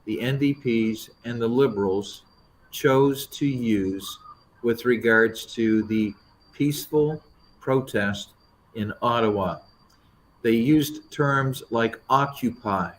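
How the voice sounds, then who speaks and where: Man, middle-aged, mid-range pitch, politician guest, earnest, halting, lots of uhs and restarts. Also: a little hiss or hum, low-quality recording. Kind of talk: live interview answers.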